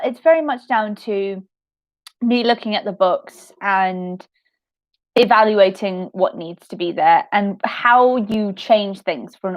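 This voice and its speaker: A woman's voice: fairly high pitch, highs cut off. Giggly young woman answering questions. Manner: giggly, self-deprecating. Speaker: podcast writer answering audience questions. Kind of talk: casual livestream Q&A.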